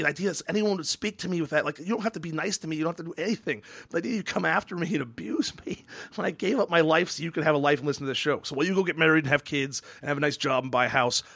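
A man hosts a casual podcast and talks at a rapid clip. He rambles and swears, stumbling over restarts, in a dry, close recording. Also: fairly high pitch, sharp tone, dry recording. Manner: rambling, profane, stammering restarts. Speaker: podcast host.

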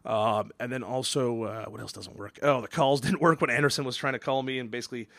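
A man's voice: mid-range voice, fairly even intonation, fast, gravelly, a bit bright, dry recording. A man hosting a casual podcast chat, rambling and swearing with many stammered restarts. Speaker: podcast host.

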